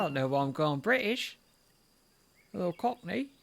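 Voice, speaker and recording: A man's voice: high-pitched, big pitch swings, normal speed, vocal fry, pauses often, slight background noise. A man streaming a game who comments playfully and coos at his pet between lines. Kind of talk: casual gameplay commentary.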